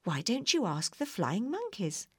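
Woman reader doing a shy, gentle storybook scarecrow, unhurried; dry close sound. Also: medium pitch, wildly swooping pitch, breathy edge, no echo, exaggerated voice.

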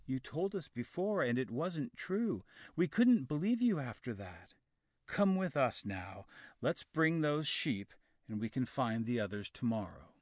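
A man voicing a worried, gentle village mother in a storybook reading, in a raised, soft voice. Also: mid-range voice, big pitch swings, a little slow, no room sound, studio quality. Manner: anxious then soothing.

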